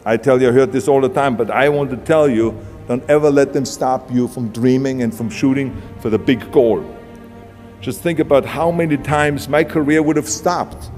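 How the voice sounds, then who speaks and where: A man's voice: mid-range voice, moderate pace, a little mellow. A man with an Austrian accent giving a blunt, punchy motivational speech. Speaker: motivational speaker. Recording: long hall reverb with music beneath. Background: background music.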